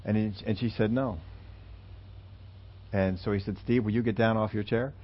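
A man delivers a sermon through a long illustration story, pausing and restarting as he goes. His voice sits low, and the recording is muffled and lo-fi. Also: fairly even intonation. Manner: halting, with fillers and restarts. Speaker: preacher.

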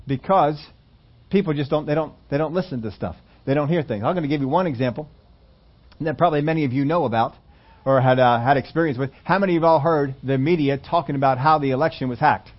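A man's voice: a little high, muffled recording. A man preaching a sermon to his church, reading scripture aloud and breaking off into rambling asides. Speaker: pastor.

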